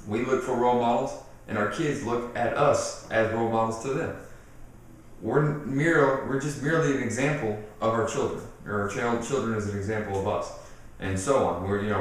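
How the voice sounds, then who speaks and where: A man's voice: on the low side, a little fast, a little hiss or hum. Man giving parenting advice in an echoey room. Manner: animated, acts out quotes, repeats himself. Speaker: parenting video host. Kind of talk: casual advice monologue. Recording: very echoey room, mic off at a distance.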